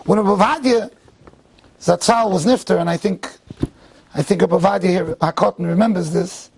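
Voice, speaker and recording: Rabbi at a tribute event: a man with a high, husky voice, animated and full of restarts. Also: moderate pace. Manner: animated, restarts often, mixes Hebrew and Yiddish phrases. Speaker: rabbi speaker. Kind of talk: tribute speech with storytelling. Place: event hall.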